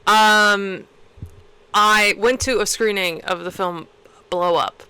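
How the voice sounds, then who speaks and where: A young woman co-hosting a podcast, telling a rambling, excited story in casual chat and swearing freely. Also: medium pitch, takes it slowly, smooth, rough recording. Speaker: podcast co-host.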